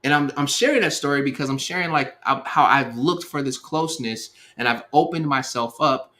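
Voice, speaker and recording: A man in his thirties telling a personal story in a relaxed, slangy way, acting out the quotes as he goes. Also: mid-range voice, fairly quick. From Seattle area, USA. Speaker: speaker sharing life advice. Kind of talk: storytelling talk.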